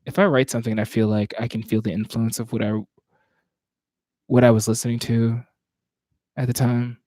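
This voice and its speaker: A man's voice: mid-range voice, a little mellow, no echo. A man from Virginia with a Southern accent, a spoken word poet chatting casually and reflectively between poems on a livestream, often restarting his sentences. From Virginia, USA. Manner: reflective, searching, speaks in broken restarts. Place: home, at night.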